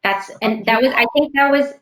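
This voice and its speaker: A woman actress talking thoughtfully in an interview, often pausing to search for words. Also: a little high, a bit bright, roomy sound. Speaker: actress guest. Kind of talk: casual interview chat.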